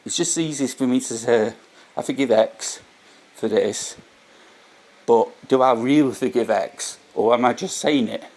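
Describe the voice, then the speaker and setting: A man's voice: mid-range voice, unhurried, a little mellow. A man talking earnestly in a casual, unscripted reflection on faith, often repeating his points and restarting his sentences. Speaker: vlogger sharing faith reflections. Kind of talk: casual spoken reflection to camera.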